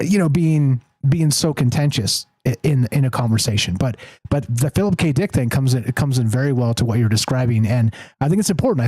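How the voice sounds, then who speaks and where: A man's voice: mid-range voice, dark tone, dry recording, low-quality recording. A man hosting a call-in talk show, rambling and self-interrupting with a wry edge. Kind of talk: casual talk-radio conversation.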